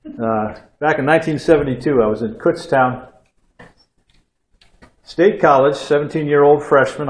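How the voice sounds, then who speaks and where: An older man delivers a sermon in a relaxed, folksy storytelling way, dropping conversational asides to his listeners. His voice sits at an ordinary middle pitch, and the room around him rings with a noticeable echo. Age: 60s. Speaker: pastor. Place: church hall. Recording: echoey room.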